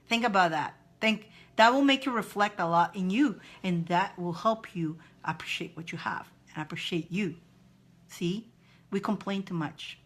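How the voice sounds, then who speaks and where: Woman, spiritual advice host, live-stream chat, encouraging, repetitive, lively pitch. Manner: repetitive, encouraging, reads viewer comments aloud.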